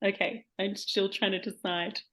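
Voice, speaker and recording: A woman's voice: mid-range voice, little pitch movement, moderate pace, fairly bright tone. A woman guest on a podcast, a poet who chats bashfully and laughs often. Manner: giggly, bashful. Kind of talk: casual interview chat.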